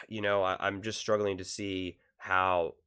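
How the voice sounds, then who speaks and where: A man's voice: sits low, little pitch movement, a little slow, pushed and bright, smooth. A man giving casual sports reaction commentary, skeptical and argumentative, rambling with fillers.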